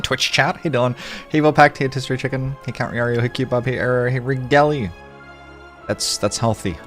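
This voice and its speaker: A man's voice: mid-range voice, animated, faint music behind. Man streamer greeting his chat. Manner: reads out viewer names in quick greetings, with sudden loud mock-outraged outbursts. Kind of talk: casual livestream chat with viewers.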